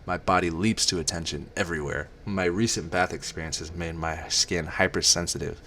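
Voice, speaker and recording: A man's voice: sits low, steady tone, fairly quick, sharp tone, a little hiss or hum. A man doing a comic reading of a romance parody, breaking off for mocking asides. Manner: mocking asides between read passages. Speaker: reader.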